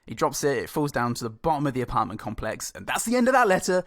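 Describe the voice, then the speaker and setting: A man's voice: medium pitch, very animated, fast, fairly bright tone, no room sound. A man co-hosting a casual movie review podcast, joking dryly and laughing often. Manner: dry, jokey, laughs often. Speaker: podcast co-host.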